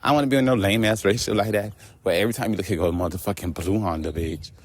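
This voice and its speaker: A man vlogging outdoors on a walk, telling a story in an animated, profane rant. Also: on the low side, rapid-fire. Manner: animated, profane, laughing asides.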